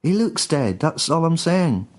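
A man voicing Bamber, a slow, whiny adult brother in a comic story. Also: on the high side, sing-song, a little mellow, pitched above the performer's own voice.

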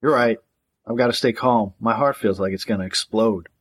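A man voicing an anxious, jittery man who is wired on speed and trying to stay calm. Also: lowish voice, moderate pace, breathy edge. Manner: anxious, short sentences.

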